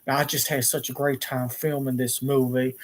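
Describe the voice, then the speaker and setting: A man doing a deep-drawling young movie star. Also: little pitch movement, moderate pace, natural voice. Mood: earnest. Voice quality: deep, mumbled, mild drawl.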